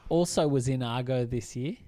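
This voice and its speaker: A man's voice: medium pitch, moderate pace, warm tone, no room sound. Chatty man, dry close sound. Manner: chatty and enthusiastic, many fillers. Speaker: podcast co-host. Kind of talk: casual film discussion.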